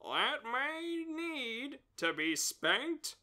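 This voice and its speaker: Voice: high-pitched, big pitch swings, very slow, sharp tone, pitched above the performer's own voice, full character voice. A storyteller voicing a bumbling male cartoon inspector with a nasal voice. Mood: eager.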